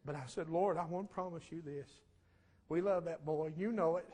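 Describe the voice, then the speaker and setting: A middle-aged man preaching a testimony sermon, fervent and swinging from shouts to a low hush. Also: moderate pace.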